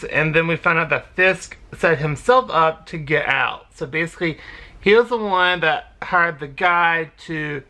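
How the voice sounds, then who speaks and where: A woman's voice: deep voice, bright, forceful tone. A woman hosting her own reaction channel, recapping a TV episode in a casual, rambling way with frequent ums and short laughs. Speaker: reaction video host.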